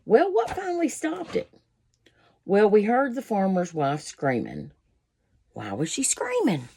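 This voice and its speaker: A woman's voice: mid-range voice, huge pitch swings, measured pace, vocal fry, darkish tone, a little hiss or hum. A woman reading a children's picture book aloud, breaking off for folksy asides to her listeners. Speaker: storybook reader.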